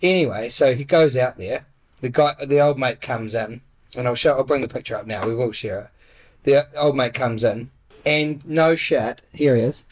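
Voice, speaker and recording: Sweary New Zealand podcast host. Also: male voice, mid-range voice, moderate pace. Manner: crude, laughing storyteller, swears a lot. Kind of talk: casual chat.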